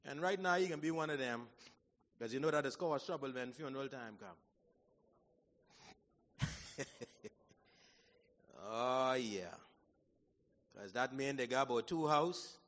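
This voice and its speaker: A man preaching a sermon in a church hall, folksy and animated, swinging from shouts to low asides. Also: measured pace, pauses often. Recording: long hall reverb.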